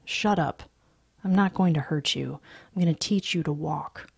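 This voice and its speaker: A woman reading the lines of an impatient, bossy older boy in a low, curt voice. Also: moderate pace, gravelly, a little mellow, slightly rough, no room sound, clean studio sound, exaggerated voice. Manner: curt and demanding.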